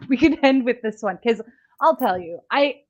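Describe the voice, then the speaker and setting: A woman's voice: a little high, expressive, a little slow, dull audio. A Canadian woman co-hosting a podcast, chatting casually in a rambling, self-deprecating way. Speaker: podcast co-host. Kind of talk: casual chat.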